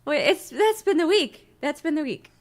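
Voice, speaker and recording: A woman's voice: high voice, moderate pace. A middle-aged woman, hosting a casual livestream chat, telling stories with frequent laughter. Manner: chatty, laughs often, animated storytelling. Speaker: host.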